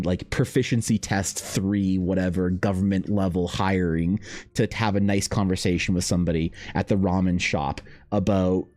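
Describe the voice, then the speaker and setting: A man with a low voice talks casually while he draws, wandering through loose, profane anecdotes and restarting his sentences often. Faint music plays behind him. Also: mellow, dry recording. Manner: rambling, profane, storytelling, many restarts. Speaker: artist streamer. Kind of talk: casual chat while drawing.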